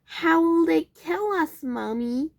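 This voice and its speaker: A woman voicing a small frightened fox cub asking slow, timid questions in a read-aloud storybook. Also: sits high, gravelly, dark tone, voice pushed up, heavily acted.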